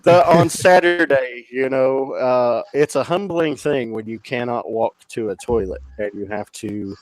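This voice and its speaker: Man, podcast guest, casual storytelling, animated, swears a lot, middle pitch. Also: measured pace. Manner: animated, profane, mimics others.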